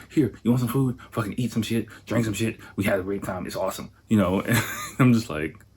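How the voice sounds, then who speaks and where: A man hosting a podcast, telling a story in a rambling, profane way full of fillers like "like" and "you know". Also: low-pitched. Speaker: podcast host. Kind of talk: casual storytelling monologue.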